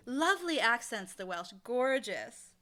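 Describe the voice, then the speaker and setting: A woman's voice: a little high, big pitch swings, slow pace, pushed and bright. A woman being interviewed as a casting director, talking frankly and emphatically in a casual conversation. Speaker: casting director and audio drama creator.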